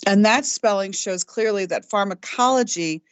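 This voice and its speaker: A woman hosting her own talk show, speaking in a halting way with frequent restarts, who calls herself stoic. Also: mid-range voice, smooth, no room sound. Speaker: host. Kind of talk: personal talk show monologue.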